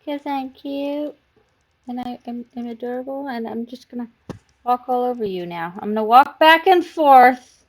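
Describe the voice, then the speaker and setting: A woman voicing her playful, clingy pet cat in a soft, cooing tone. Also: a little high, moderate pace, pitched above the performer's own voice, close to an everyday voice. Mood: smug, cuddly.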